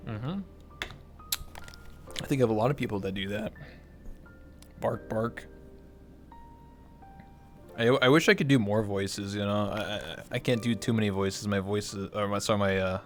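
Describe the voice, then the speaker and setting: Rambling, jokey male streamer. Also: fairly low pitch. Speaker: livestream host. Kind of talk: casual chat.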